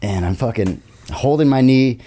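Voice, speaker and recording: A man talking as a podcast guest in a studio, telling a story in casual, profane, animated chat. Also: medium pitch, moderate pace. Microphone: studio podcast mic.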